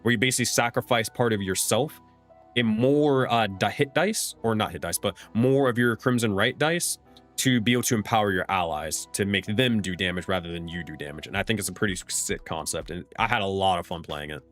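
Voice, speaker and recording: A man's voice: lowish voice, brisk, a bit bright, soft background music. A young man, a streamer and game master, answering chat questions in a loose, rambling way with restarts and casual swearing. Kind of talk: casual livestream Q&A.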